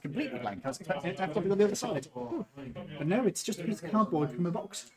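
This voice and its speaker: Lively, teasing man at a dice game. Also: high-pitched, rapid-fire. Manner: teasing, joking banter. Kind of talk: playing a dice game on a live stream. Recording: chatter of a crowd behind.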